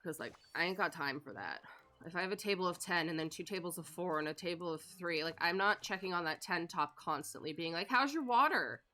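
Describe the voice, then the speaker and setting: A woman's voice: lowish voice, a little fast, pushed and bright. A woman streamer chatting casually while she plays a game, rambling with lots of fillers and laughs. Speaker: live streamer. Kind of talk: casual chat while gaming.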